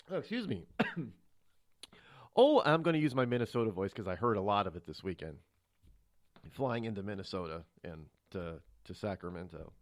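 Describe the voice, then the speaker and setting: A man's voice: lowish voice, very animated, moderate pace, long pauses, dry recording, studio quality. A man hosting a talk radio show, lecturing his listeners and asking them rhetorical questions. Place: radio studio. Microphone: studio microphone.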